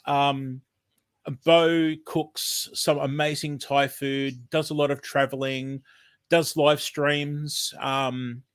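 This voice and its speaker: A man's voice: medium pitch, level tone, slow pace, clear, resonant tone. An Australian man hosting a casual livestream, chatting in a rambling, friendly way with lots of ums, a bit sniffly from hay fever. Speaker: livestream host.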